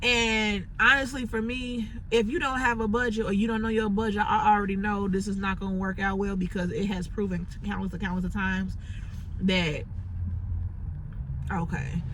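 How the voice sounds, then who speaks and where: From a parked car, a Chicago woman who vlogs about entrepreneurship pours frustrated, meandering thoughts into her phone, saying "like" constantly. She keeps a steady, fairly bright mid-range tone at normal speed. The unscripted venting comes on a rough recording with slight background noise.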